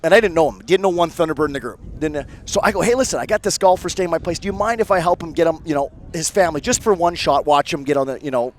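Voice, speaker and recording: A Canadian man talks in a rapid, tumbling rush, and his voice sits a little high for a man. He spins a yarn in casual chat and slips into the voices of the people he quotes. A faint murmur of crowd hangs behind him. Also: a little hiss or hum. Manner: rapid animated storyteller acting out quotes. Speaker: guest, former hockey player. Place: suite at a golf tournament.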